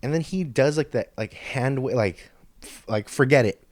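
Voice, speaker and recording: A man's voice: medium pitch, normal speed, darkish tone, no room sound. A man hosting a podcast, telling a story in a rambling, profane, stop-start way into a studio microphone. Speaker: podcast host. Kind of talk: casual storytelling monologue.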